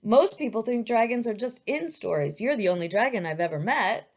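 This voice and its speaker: A woman voicing a brave, kind young girl who speaks warmly and reassuringly. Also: a little high, lively intonation, brisk. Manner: warm, reassuring.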